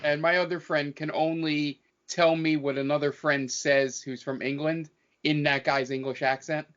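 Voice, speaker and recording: A man's voice: on the high side, flat delivery, moderate pace, a bit bright. A man co-hosting a podcast in casual chat, chatty and earnest, laughing along. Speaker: podcast co-host. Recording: dull lo-fi sound.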